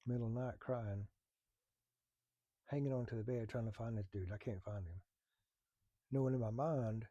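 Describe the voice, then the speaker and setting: Man, husky and dark tone, blunt, profane, halting, personal storytelling. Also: medium pitch, no room sound. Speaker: firefighter telling a personal story. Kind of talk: candid storytelling.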